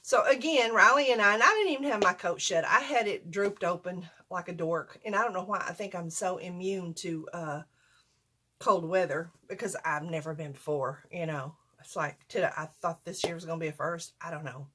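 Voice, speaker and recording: A woman's voice: on the low side, moderate pace, bright, forceful tone, a little hiss or hum. Folksy older woman, rambling, self-deprecating storytime vlogger. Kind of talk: casual storytime.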